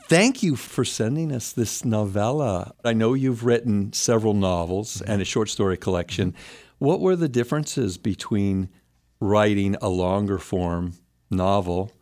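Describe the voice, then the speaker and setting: A man's voice: on the low side, measured pace, darkish tone, dry recording, clean studio sound. A male public radio host introducing and interviewing an author, in a polished, announcer-like way.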